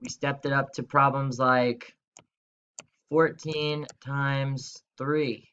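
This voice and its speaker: A man's voice: mid-range voice, level tone, slow, a bit bright, clear, resonant tone, dull audio. A young man teaching a video lesson to schoolchildren in an upbeat, chatty way, talking straight to the kids. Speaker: third-grade teacher.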